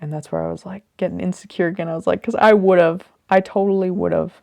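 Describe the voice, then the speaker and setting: Gravelly low-voiced woman thinking aloud. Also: level tone, brisk, darkish tone, no room sound. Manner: rambling, thinking aloud, unsure. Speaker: host reflecting on a reading. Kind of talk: casual spoken commentary.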